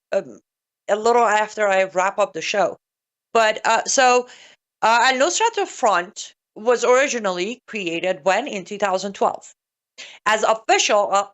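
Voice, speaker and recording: A woman hosting a solo political commentary show, speaking emphatically and sarcastically and addressing listeners directly, with sharp swings in pitch.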